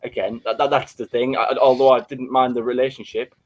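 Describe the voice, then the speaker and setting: A man's voice: medium pitch, level tone, fairly quick, poor audio. A man co-hosting a casual podcast discussion, hesitant, repeating words and restarting his sentences. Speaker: podcast co-host.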